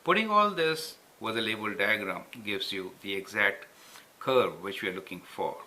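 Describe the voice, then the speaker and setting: A man's voice: fairly low pitch, lively intonation, moderate pace, sharp tone. A man tutoring calculus step by step, patiently checking understanding with frequent tag questions. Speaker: math tutor. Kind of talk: explaining at a whiteboard.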